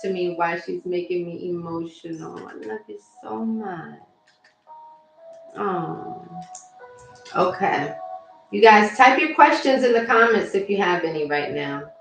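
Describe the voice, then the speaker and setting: A woman mindset coach on a phone livestream, talking casually and warmly to viewers and reading their comments aloud. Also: mid-range voice, gravelly. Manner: warm, chatty, addresses viewers directly and reads their comments aloud. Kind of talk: casual motivational livestream talk. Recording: very echoey room with faint music.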